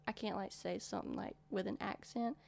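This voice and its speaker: A woman's voice: medium pitch, steady tone, a little fast, gravelly, a little mellow, a little hiss or hum. A woman, chatting casually and rambling as she loses her words, laughing often. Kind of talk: casual chat.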